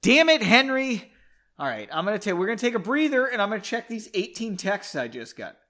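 A man's voice: high voice, very animated, quick pace, a bit bright. A man hosting a comedic book reading podcast, breaking off to drink and mock the text with sarcastic asides. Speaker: podcast host.

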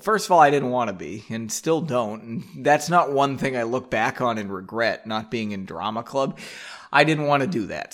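Animated, self-deprecating man reading aloud. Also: mid-range voice. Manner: joking, self-deprecating, swears often. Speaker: podcast host reading his own book. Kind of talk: casual book reading with tangents. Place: home basement.

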